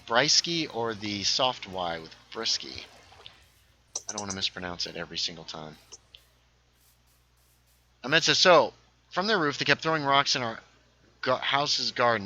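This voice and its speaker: Lively, bright-voiced man streaming games. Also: medium pitch, a little hiss or hum, rough recording. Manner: lively, reads chat aloud, drops into hushed asides. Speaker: gaming livestream host. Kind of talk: casual gameplay commentary.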